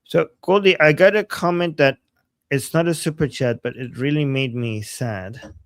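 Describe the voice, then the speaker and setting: A man's voice: on the high side, moderate pace, no echo. Casual male livestream co-host, dry sound. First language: Persian. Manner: rambling, many restarts and "like".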